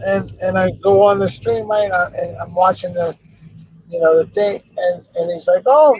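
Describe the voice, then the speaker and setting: A man's voice: high voice, level tone, normal speed, lo-fi sound, a little hiss or hum. A middle-aged man hosting a livestream from his car on his phone, swearing and telling stories casually. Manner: gruff, swearing, storytelling. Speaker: livestream host. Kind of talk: casual chat while driving.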